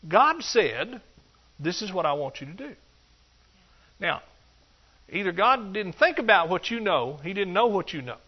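A man preaching a sermon, animated and joking, acting out excuses in a higher voice. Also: measured pace, long pauses. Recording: dull lo-fi sound.

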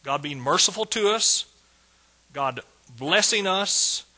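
A man delivers a sermon in a strikingly bright, husky voice pitched a little high. He talks emphatically, jumping from hushed asides into loud bursts of praise. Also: animated, takes it slowly, rough recording. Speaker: preacher.

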